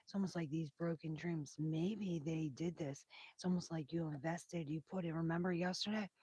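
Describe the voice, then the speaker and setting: A soft-spoken woman reading tarot on a live stream, with a breathy, whispery voice that drifts into whispers and carries lasting damage from intubation. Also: low voice, steady tone, moderate pace, no room sound. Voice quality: breathy, whispery, hoarse-edged voice. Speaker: tarot reader.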